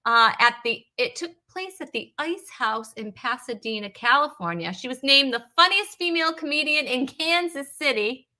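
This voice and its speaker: A woman's voice: high voice, animated, moderate pace, few pauses, bright, forceful tone. A woman from Rhode Island hosting a live comedy stream, chatty and teasing, rambling with fillers as she greets viewers. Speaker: host.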